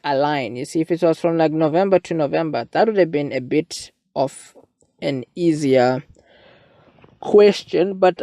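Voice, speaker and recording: A man's voice: high voice, creaky, dark tone, dry recording. A young man, talking casually through a maths exam paper as a tutor and often asking "you see". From South Africa. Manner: chatty, asks listeners "you see".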